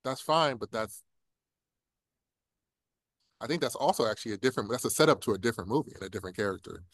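Animated man riffing on a film. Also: medium pitch, quick pace, dry recording. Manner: animated, acts out characters' lines in playful voices. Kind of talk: casual film discussion.

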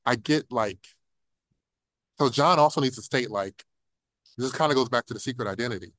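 A man's voice: mid-range voice, moderate pace, a bit bright, dry recording. A man in a casual film discussion, talking animatedly and acting out characters' lines in playful voices.

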